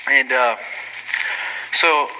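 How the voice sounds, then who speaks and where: A man giving an informal, rambling sermon, full of asides and quick apologies, rising sharply when he gets excited. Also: mid-range voice, a little hiss or hum, low-quality recording. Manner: rambling, self-deprecating, frequent asides and apologies; animated, voice jumping up when excited. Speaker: lay preacher.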